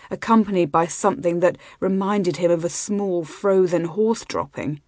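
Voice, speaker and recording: A woman reading a fantasy novel aloud, with measured and expressive storytelling. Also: on the low side, no room sound, clean studio sound. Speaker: audiobook narrator. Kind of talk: scripted fantasy narration.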